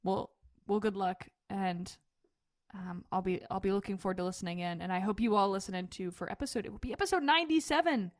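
A woman's voice: medium pitch, fast, no echo. Woman hosting a podcast, jokey and giggly, dry close sound. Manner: laughs often, playful. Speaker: podcast host. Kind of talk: casual chat.

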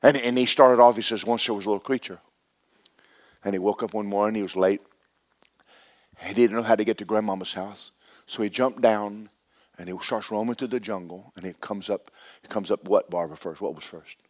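A man preaching a sermon as a story, swinging between loud bursts and hushed words. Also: fairly low pitch, fairly even intonation, brisk.

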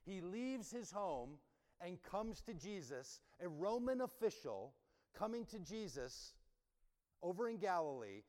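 A man's voice: sits high, sing-song, unhurried, darkish tone. Man preaching a sermon in a reverberant hall. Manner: conversational, emphatic preaching with rhetorical questions. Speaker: pastor.

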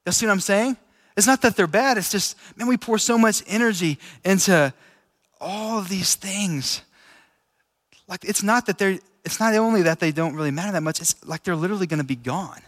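A man preaching a relaxed, chatty sermon to a room of listeners, laughing easily as he talks. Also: high-pitched, normal speed. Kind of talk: casual conversational sermon. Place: large room with an audience. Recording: echoey hall with long reverb.

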